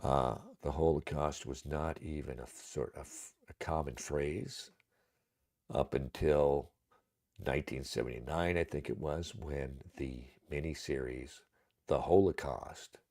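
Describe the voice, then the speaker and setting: A man's voice: extremely low pitch, unhurried, vocal fry, darkish tone. A man hosting a livestream, talking in a rambling, casual way, with many fillers and much cursing. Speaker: livestream host.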